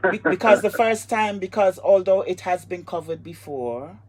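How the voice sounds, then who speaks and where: A woman hosts a live online interview in a husky voice. She gushes with feeling and circles back over her own words. Her tone stays warmly emotional and effusive. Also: lowish voice, moderate pace. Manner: effusive, emotional, repeats herself. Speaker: host.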